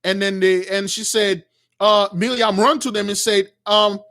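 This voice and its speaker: High-voiced man retelling a religious story. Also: steady tone, measured pace, sharp tone. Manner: rambling, repetitive restarts, addresses listeners as brothers. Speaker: preacher.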